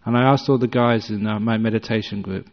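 A man's voice: fairly low pitch, fairly even intonation, fairly quick. Storytelling male meditation teacher in a hall. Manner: conversational storyteller, gently humorous. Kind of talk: dharma talk with storytelling. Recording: dull recording with long hall reverb.

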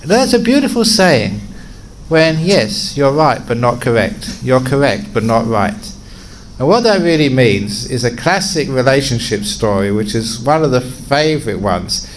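A middle-aged man giving a talk to a live audience, telling stories with humour and lively expression. His voice sits mid-range. A faint room noise runs behind him. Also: medium pitch, unhurried. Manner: warm-humoured, expressive storyteller. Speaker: meditation teacher giving regular talks.

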